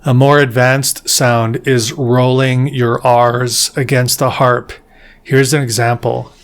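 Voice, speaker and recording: A man's voice: mid-range voice, flat delivery, slow, soft background music. A man giving a beginner's jaw harp lesson, explaining patiently step by step and joking about his own mistakes. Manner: self-deprecating about his playing. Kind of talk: instructional tutorial.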